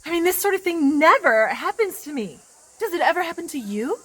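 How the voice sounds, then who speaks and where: A woman's voice: very high-pitched, very animated, brisk. A woman playing a chatty female water droplet in a comic children's sermon skit, telling her story with gushing drama. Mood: excited storytelling.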